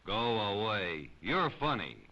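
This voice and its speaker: A man voicing a big gentle dog. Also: on the low side, wildly swooping pitch, slow, heavily acted. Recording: slightly dull lo-fi recording.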